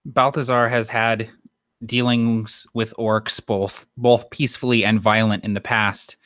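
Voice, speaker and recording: A man playing a tabletop game, describing his character's actions in a measured way. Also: on the low side, level tone, a bit bright, no room sound, clean studio sound. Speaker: player.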